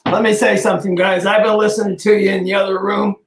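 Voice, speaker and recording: A man stepping in as a guest to speak earnestly, repeating himself in a halting, casual way. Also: high voice, flat delivery, creaky, crowd noise. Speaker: guest, co-host's husband. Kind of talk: casual encouraging speech. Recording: echoey room.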